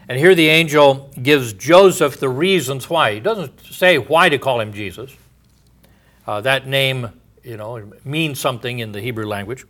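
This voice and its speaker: A male pastor working through scripture in a teaching sermon. His voice sits at an ordinary middle pitch, and he talks in a halting, thinking-aloud way with many fillers and repeated starts. His phrases often sink into a quiet murmur at the end. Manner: thoughtful, halting with frequent restarts and fillers. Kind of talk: expository sermon.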